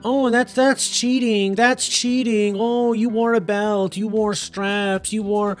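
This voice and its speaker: A man's voice: high-pitched, little pitch movement, slow pace, soft background music, pitched above the performer's own voice. A man putting on the voice of a whiny, scolding gym critic who keeps repeating his accusations. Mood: whiny accusing. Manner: whining, accusing, repetitive.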